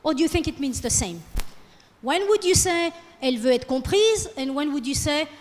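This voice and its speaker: A woman's voice: high-pitched, expressive, moderate pace, slight background noise. A woman teaching French in a classroom lecture, switching between English and French and coaxing the class with questions. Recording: long hall reverb.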